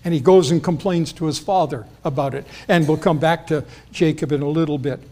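A man preaching with a slightly raised pitch. He talks to the congregation conversationally and acts out the quoted lines with lifted voice. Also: fairly even intonation, a little fast, warm tone. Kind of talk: expository sermon.

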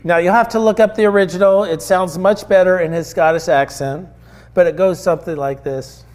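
A man's voice: high-pitched, steady tone, a little fast, a little mellow. A male preacher giving a sermon in an earnest, conversational storytelling manner.

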